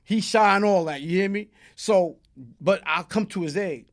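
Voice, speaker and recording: Here a man with a high-pitched voice and moderate pace, from Brooklyn with a New York accent, spins a long, streetwise story as an interview guest. The telling is casual and profane, marked by tags like "you heard?".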